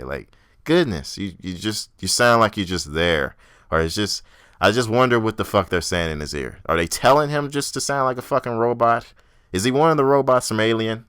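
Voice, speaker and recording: A man's voice: on the low side, animated, fairly quick, a bit bright, smooth, no echo, clean studio sound. A young man hosting a podcast, giving a blunt, profane, ranting review and mocking people in exaggerated voices. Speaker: podcast host. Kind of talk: casual solo wrestling review.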